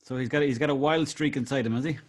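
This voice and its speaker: A man's voice: medium pitch, fairly even intonation, fast talker. Irish man chatting as guest. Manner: brief interjections and questions. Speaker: podcast guest. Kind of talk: casual interview chat.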